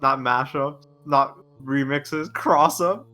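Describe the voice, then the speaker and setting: A man playing a streamed story game, reading his turns and making quick, playful wordplay with friends. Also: medium pitch, pushed and bright, soft background music.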